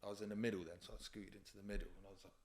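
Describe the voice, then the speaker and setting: A man's voice: on the low side, little pitch movement, rapid-fire, a crowd in the background. A young man from England, telling work stories as a podcast guest in slangy, sweary casual chat. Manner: storytelling with quoted voices, slangy and sweary.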